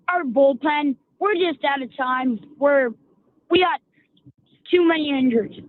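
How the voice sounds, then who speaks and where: A man calling into a sports radio show, talking in halting, stop-start sentences over a phone line. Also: very high-pitched. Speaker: caller.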